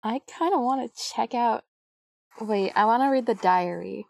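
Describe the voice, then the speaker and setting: Curious woman player, gravelly fry, dry sound. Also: a little high, normal speed, darkish tone, no echo. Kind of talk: casual game chat.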